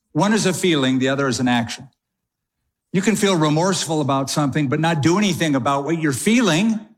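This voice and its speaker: Conversational man preaching a sermon. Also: a little high. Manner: conversational preaching with quick asides and slowed emphasis. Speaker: pastor.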